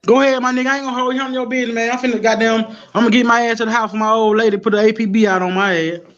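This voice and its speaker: A man telling profane, animated street stories as a guest on a live stream. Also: very high-pitched, racing, dull audio. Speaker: guest rapper. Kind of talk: casual storytelling on a live stream.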